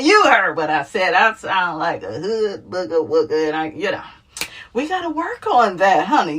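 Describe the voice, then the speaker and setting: Sassy, animated woman gossip host. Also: on the low side, breathy edge. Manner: sassy, animated, laughs often, calls viewers honey. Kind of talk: casual reality TV gossip commentary.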